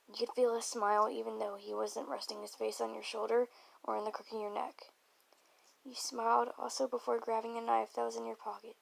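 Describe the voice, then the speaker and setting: A woman's voice: fairly high pitch, vocal fry, low-quality recording. A woman reading a fanfic aloud, stumbling over words and dropping offhand side comments.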